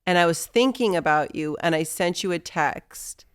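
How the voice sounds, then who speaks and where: A woman hosting a relaxed interview in a smooth, resonant voice pitched a little low. She speaks affectionately and encouragingly to her guest. Her thoughts come out long and reflective. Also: moderate pace. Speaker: host. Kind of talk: casual interview conversation.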